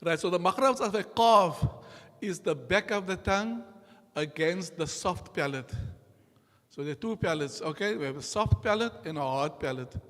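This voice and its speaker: A man teaching a class in a mosque, slow and patient, repeating each sound for his students to copy. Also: sits high, expressive, a bit bright. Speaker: Qur'an recitation teacher. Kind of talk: classroom lesson. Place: mosque hall. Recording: long hall reverb.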